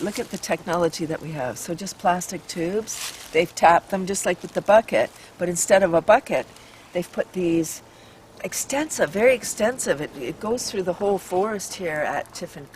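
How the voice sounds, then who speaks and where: The woman leading the maple forest vlog has a voice on the low side and talks at normal speed. She exclaims bubbly remarks, laughs often, and leads breathing exercises, captured from a distance with faint outdoor hum behind her.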